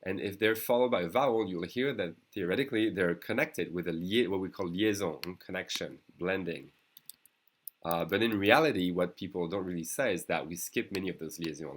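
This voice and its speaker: A man with a French accent, a native French speaker teaching a beginner language class online, explaining patiently and often checking in with "okay" and "d'accord". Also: deep voice.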